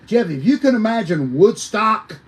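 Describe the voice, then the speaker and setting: A man, a former wrestler telling lively, folksy stories as a podcast guest, talking straight to his listeners. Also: sits high, normal speed, low-quality recording. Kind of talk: animated storytelling on a podcast.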